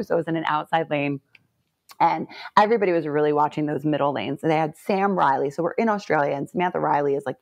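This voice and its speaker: A woman in her forties telling stories as an interview guest, animated and laughing often between phrases. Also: low voice, no room sound. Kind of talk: casual storytelling interview.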